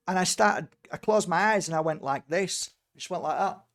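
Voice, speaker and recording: A man, a spiritual healer and medium, telling stories in casual conversation, emphatic and animated with many repeated words. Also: sits high, brisk, creaky.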